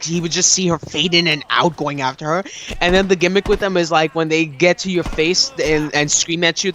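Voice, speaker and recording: A young man in casual chat during a gameplay video, rambling and excitable, with many fillers. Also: fairly high pitch, slight background noise.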